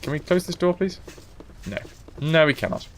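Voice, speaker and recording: A man chats his way through a game on a live stream, with an animated voice that rises and falls a lot. He rambles casually, with faint background noise behind him. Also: fairly high pitch, moderate pace.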